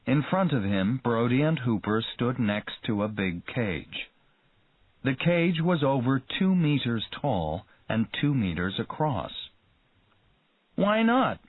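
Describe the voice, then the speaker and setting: Male narrator, slow and expressive, for a learner's reader; dry, tinny audio. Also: mid-range voice, slightly rough, no echo. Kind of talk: scripted story narration. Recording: tinny phone-like dry sound.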